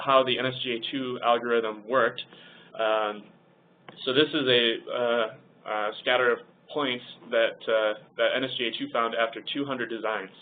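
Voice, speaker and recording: A man talks through a technical webinar, stopping often on ums and uhs. His voice stays flat and even. It comes through a narrow, phone-like line with a faint hiss behind it. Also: medium pitch. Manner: hesitant, many ums and uhs. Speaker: webinar presenter. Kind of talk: technical software webinar walkthrough.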